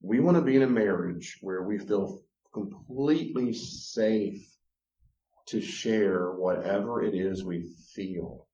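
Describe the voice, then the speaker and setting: A man giving a teaching talk on relationships. He is animated and acts out the voices he quotes. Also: on the low side, slow, slight background noise. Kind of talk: lecture-style teaching. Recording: roomy, slightly dull sound.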